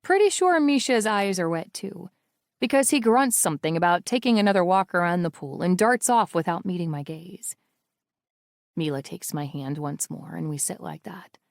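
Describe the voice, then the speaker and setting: A woman's voice: fairly low pitch, lively intonation, moderate pace, creaky, no echo, clean studio sound. A woman narrating a first-person romance audiobook in an intimate, emotional reading style.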